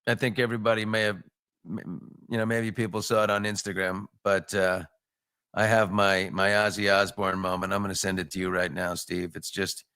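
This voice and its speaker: A man's voice: little pitch movement, normal speed, clean tone, dry recording. A middle-aged man hosting a casual morning show from a home studio, greeting viewers with bouncy, upbeat chatter. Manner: upbeat, shouting out viewers with jumps in pitch. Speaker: host.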